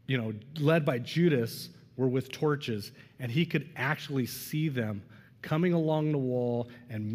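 A man preaching a sermon in an earnest way, moving from strong emphasis to hushed, quiet lines. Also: a little high. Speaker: pastor. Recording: long reverb of a large room.

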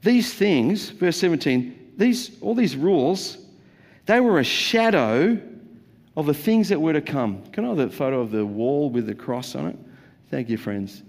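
A man's voice: on the high side, expressive, a little slow, darkish tone. Jokey male pastor in a reverberant hall. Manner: jokey, conversational, playful asides to the congregation. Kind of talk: sermon. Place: church auditorium.

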